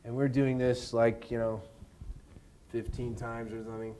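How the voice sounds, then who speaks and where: Animated male actor telling a story. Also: mid-range voice, moderate pace. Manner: animated, laughing storyteller who mimics others. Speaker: actor, interview guest. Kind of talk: anecdotal interview storytelling. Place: university event on stage.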